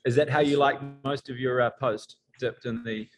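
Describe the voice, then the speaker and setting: A man's voice: medium pitch, fairly even intonation. Hesitant New man. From New Zealand. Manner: halting, with many restarts. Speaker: band member. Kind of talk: casual interview chat.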